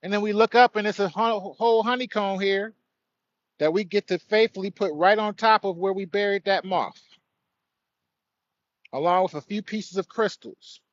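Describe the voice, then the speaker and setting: A man's voice: high voice, normal speed, muffled recording. A man hosting an outdoor spiritual livestream, speaking earnestly and greeting viewers by name. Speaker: livestream host. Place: outdoors by a tree.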